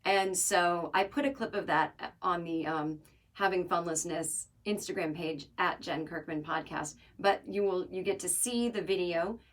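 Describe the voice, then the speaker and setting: Alone on her podcast, a woman with a lowish voice talks a little slowly. Her casual solo monologue is wry, joking and rambling.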